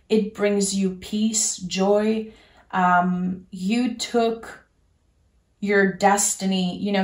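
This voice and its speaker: A woman giving a tarot reading, speaking in a soft, earnest and reassuring way, straight to the listener. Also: medium pitch, reverberant. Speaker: tarot reader. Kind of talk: gentle spoken tarot reading.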